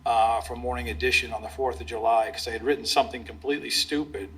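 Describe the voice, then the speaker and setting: A man's voice: mid-range voice, fairly even intonation, fast talker, a bit bright, slight background noise. A middle-aged man, a police public information officer, telling a rambling anecdote in an interview and chuckling as he goes.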